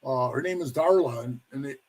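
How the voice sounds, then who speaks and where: This time the ex-motorcycle club member has a mid-range voice and talks a little fast, with a bit of hiss or hum on the recording. He rambles through an old story in a casual interview, frequently saying "bro" and imitating what others said.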